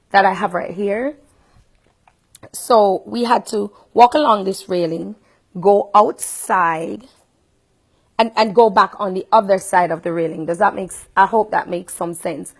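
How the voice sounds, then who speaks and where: A woman with a Jamaican accent, a radio host, telling a personal story in a casual, animated way, shifting between loud indignation and quiet asides. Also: mid-range voice, unhurried.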